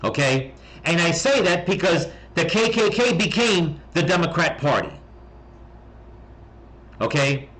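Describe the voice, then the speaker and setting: A man's voice: fairly high pitch, sing-song, measured pace, pauses often, fairly bright tone, rough recording. A man hosting a rambling political commentary, blunt and heated, swearing often, restarting his sentences and tagging them with "okay?". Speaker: political commentary channel host.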